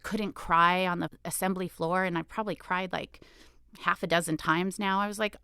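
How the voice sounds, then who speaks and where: Loud, gravelly, animated woman. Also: lowish voice, moderate pace, no room sound, studio quality. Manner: loud, emotional, animated storytelling. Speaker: state assemblywoman, guest. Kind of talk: candid conversational interview.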